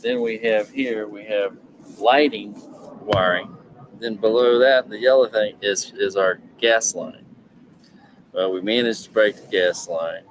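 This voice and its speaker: A man's voice: fairly low pitch, unhurried, a little hiss or hum, rough recording. A man outdoors in a yard, explaining the pipes and wires in a plain-spoken, matter-of-fact way. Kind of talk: casual explanation.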